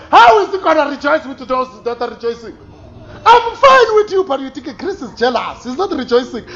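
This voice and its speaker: A man preaching a sermon, animated, swinging between loud exclamations and quiet asides with frequent laughs. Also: very high-pitched. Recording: slightly dull recording with faint room ambience.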